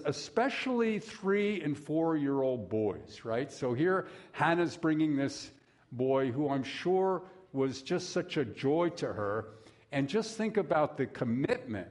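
Male pastor, middle-aged, folksy sermon, chatty asides, mid-pitched voice. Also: a little mellow. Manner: folksy, conversational, with asides to the congregation.

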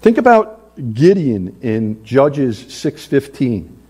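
Male pastor mid-sermon in a church, husky and mellow, animated, acts out biblical figures. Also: medium pitch, slow. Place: church sanctuary.

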